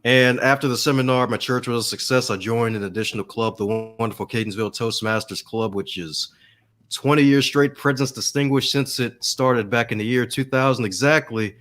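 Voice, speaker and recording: A man's voice: medium pitch, brisk, fairly bright tone. A man on a podcast, talking in a casual, motivational way about how he grew as a speaker. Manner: enthusiastic, motivational. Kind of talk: casual storytelling.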